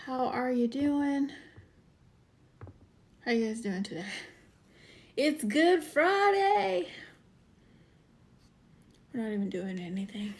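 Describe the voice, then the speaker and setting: A woman's voice: mid-range voice, a bit bright. A woman hosting a casual live-stream show, chatting and greeting viewers by name. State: out of breath. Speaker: waxing show host.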